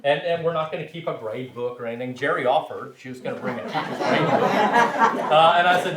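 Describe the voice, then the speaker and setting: A man's voice: a little high, lively intonation, a little fast, crowd noise. A man teaching a language class, chatty and informal, often checking in with his students. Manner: chatty, frequent "right?" check-ins, self-deprecating. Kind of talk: classroom instruction. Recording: roomy, distant, faint hiss.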